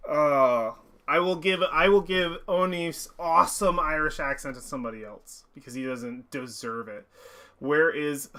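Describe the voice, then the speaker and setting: A man's voice: a little high, pushed and bright. Emotional man streaming a story game. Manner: emotional, swears and laughs, talks back to characters. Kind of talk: live gameplay commentary and reading game text aloud.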